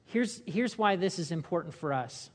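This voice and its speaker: A woman's voice: on the low side, lively intonation, normal speed. A woman pastor preaching a sermon in a conversational style, asking the congregation questions and acting out short voices. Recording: long hall reverb.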